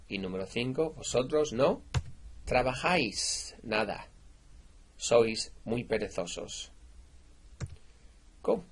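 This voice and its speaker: A man teaching Spanish verbs in a relaxed, informal recorded slide lesson. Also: on the low side, a little hiss or hum. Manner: relaxed, informal explaining with fillers.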